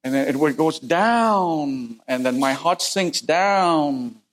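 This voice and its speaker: A middle-aged man from Vietnam preaching a sermon and telling his own story earnestly, his voice climbing high at the tense moments. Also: lively intonation, takes it slowly. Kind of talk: sermon with personal testimony.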